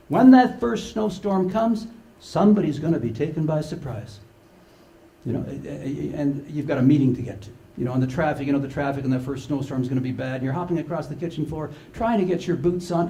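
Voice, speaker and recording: A man's voice: fairly high pitch, vocal fry, a little mellow, a little hiss or hum. An older man giving a humorous conference talk, telling playful stories and acting out the quotes. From Canada. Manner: storytelling, playful, acts out quotes. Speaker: conference speaker.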